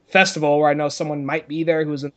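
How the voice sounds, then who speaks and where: Man, podcast co-host, higher-pitched, rambling, profane, casual movie chat. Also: level tone, fast talker. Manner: rambling, profane, laughs often, restarts a lot.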